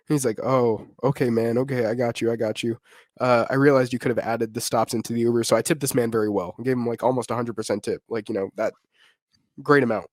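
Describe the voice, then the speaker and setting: Young man, podcast co-host, animated slangy storytelling, close dry mic. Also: mid-range voice, fairly quick, dry recording. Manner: animated, swearing, slangy, laughing often. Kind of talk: casual storytelling chat.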